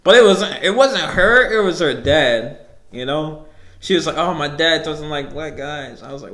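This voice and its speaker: A man's voice: a little high, moderate pace, a bit bright, echoey room. Young man rambling on his podcast. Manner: loose, rambling, profane, laughs between lines. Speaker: podcast host. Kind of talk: casual solo podcast storytelling.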